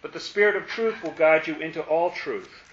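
A man teaching a Bible study, playful and animated, acting out the lines he quotes. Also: on the high side, moderate pace. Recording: roomy, dull lo-fi.

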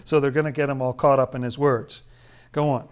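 A man's voice: mid-range voice, level tone, a little fast, clean tone. Chatty, chuckling Bible study leader, a man. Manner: chatty, chuckles often, emphatic asides. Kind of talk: casual scripture commentary.

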